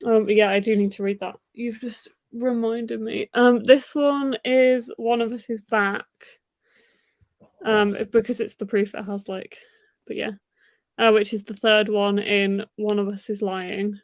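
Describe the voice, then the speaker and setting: A woman hosting a casual reading stream, talking in a chatty, excitable way with frequent giggles. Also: medium pitch, measured pace, no room sound. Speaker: host of a reading sprint stream. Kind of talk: casual livestream chat.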